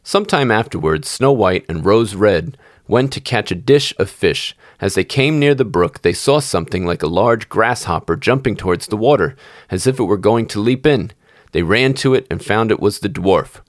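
A man reading a fairy tale aloud as the show's storyteller, steady and measured. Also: on the low side, dry recording, studio quality.

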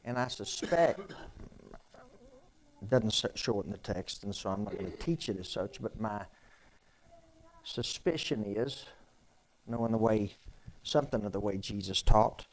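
A pastor preaching a sermon in a conversational way, with repeated phrases and strings of rhetorical questions. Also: male voice, fairly low pitch, lively intonation, a little slow, pauses often, low-quality recording.

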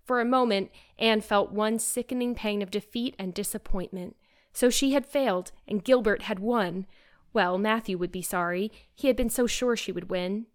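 Female audiobook narrator, measured, expressive, mid-range voice. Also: mid-range voice. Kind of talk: scripted narration.

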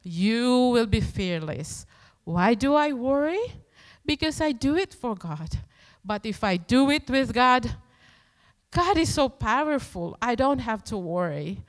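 A woman's voice: a little high, big pitch swings, takes it slowly, long reverb tail. A woman preaching a sermon in a church, earnest and emphatic, often posing rhetorical questions.

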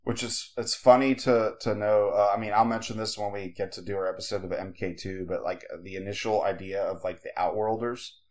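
A man co-hosts a podcast, chatting casually and rambling with plenty of filler words. His voice is on the low side and a little mellow, with a steady tone, and he talks briskly with few pauses.

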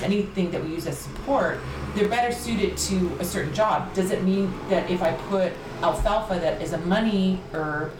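A woman talking casually on a podcast about candle magic, chatty and animated. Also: on the low side. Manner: chatty, animated, laughs easily. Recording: roomy echo, faint background noise.

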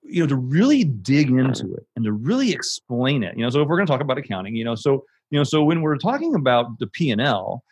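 A man who runs an audiobook production company, speaking as a guest in a casual interview, animated and emphatic and swearing for emphasis. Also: mid-range voice, fast, hardly any pauses, husky, dry recording.

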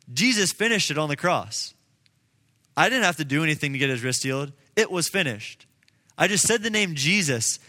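Bright-voiced young man preaching casually in reverb. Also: a little high. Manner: casual, earnest, uses many fillers. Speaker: speaker addressing a group. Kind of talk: personal testimony and preaching. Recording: long reverb in a large room.

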